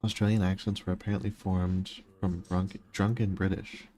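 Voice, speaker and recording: Male streamer, low voice, monotone, dry teasing humor, casual chat with viewers. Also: moderate pace, slight background noise.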